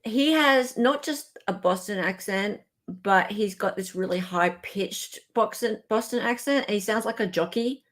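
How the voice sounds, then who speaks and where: A woman with an Australian accent hosting a casual live stream, chatting and joking with quick asides. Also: medium pitch, a bit bright. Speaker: livestream host.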